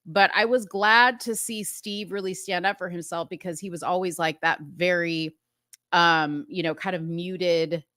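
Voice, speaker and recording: A woman's voice: unhurried, dry recording, clean studio sound. A woman hosting a casual talk show, animatedly recapping a TV episode and acting out the characters' lines. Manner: animated, acts out dialogue with rising pitch. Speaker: host.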